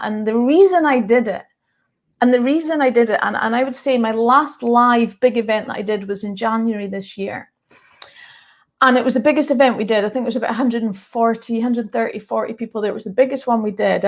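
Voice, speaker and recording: A Scottish woman tells her own story to viewers, earnest and candid, and on the edge of tears. Her voice sits fairly high. She breaks into laughter now and then. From Scotland. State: emotional, close to tears. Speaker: mindset coach and speaker. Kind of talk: personal story told to viewers.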